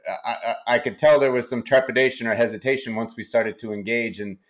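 A man with a New Hampshire accent, a company CEO speaking as a guest in an interview, halting and often repeating words. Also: medium pitch, steady tone. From New Hampshire, United States.

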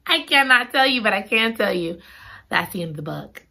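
A woman chatting casually about a romance novel, dramatic and gushing. Her bright voice swings widely from highs to lows. She reacts big to every twist. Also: expressive, a little fast, creaky. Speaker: book reviewer. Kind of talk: casual chat.

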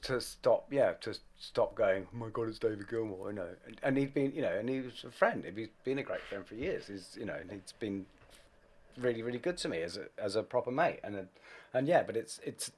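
A man's voice: on the low side, animated, moderate pace, darkish tone, breathy edge. A man talking as a guest in a casual chat, wry and self-deprecating as he tells stories.

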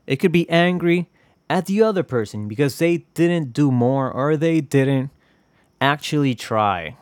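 A podcast host talks alone in a medium-pitched voice, wandering off on tangents, cursing, and poking fun at himself. There's no room sound on the casual recording.

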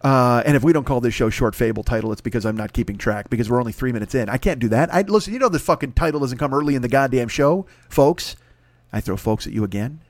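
A man's voice: medium pitch, lively intonation, quick pace, no room sound. A man in his forties hosting a solo comedy podcast, ranting in a profane, rambling, self-mocking way into a microphone. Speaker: podcast host. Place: hot room with air conditioning running. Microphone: studio microphone.

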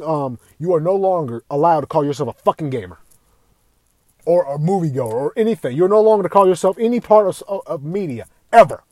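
A man with a high-pitched voice tears into his audience in a furious rant, swearing with nearly every sentence. His voice is dry and close, with no room sound around it. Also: mellow, no echo. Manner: heated, swearing constantly, raising voice at times. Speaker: video ranter. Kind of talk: angry profane rant.

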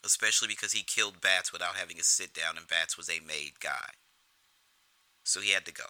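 A man's voice: low-pitched, brisk, sharp tone, dry recording, low-quality recording. A man giving casual film commentary in a profane, rambling way, often restarting his sentences.

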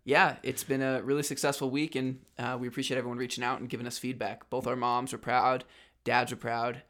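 A man's voice: mid-range voice, flat delivery, fairly quick, a bit bright. A young man co-hosting a podcast in casual chat, upbeat and self-deprecating. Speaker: podcast co-host.

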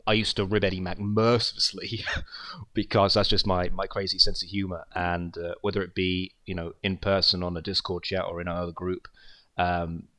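A man who makes an online wrestling show, speaking a casual tribute and rambling through stories that trail off softly. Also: low voice, flat delivery, moderate pace.

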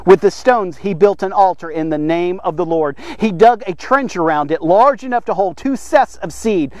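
Excitable preacher guy, really high voice, dry close sound, keeps going "okay?". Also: moderate pace, dry recording. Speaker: devotional podcast preacher. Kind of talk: animated Bible-story preaching.

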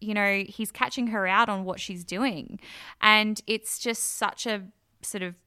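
An animated woman co-host chatting about a show, acting out scenes as she retells them. Her voice is bright and clear, in a dry, close room. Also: mid-range voice, unhurried, dry recording. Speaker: podcast co-host. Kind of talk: casual chat reviewing a TV show.

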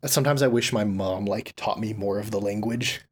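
A man's voice: fairly low pitch, brisk. A man in his twenties from the United States, talking in a loose, rambling way with lots of fillers and easy laughter. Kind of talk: casual chat.

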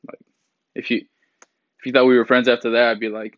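A twenty-something commentary vlogger talks fast but pauses often, his mid-range, slightly bright voice holding a level tone. His casual rant is blunt and profane, with plenty of fillers and mocking quotes of others. The mic is dry and slightly dull, with no room sound.

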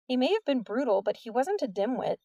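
A woman narrating an audiobook in an even storytelling read. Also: high voice, brisk, vocal fry, dry recording, distant mic, dull audio.

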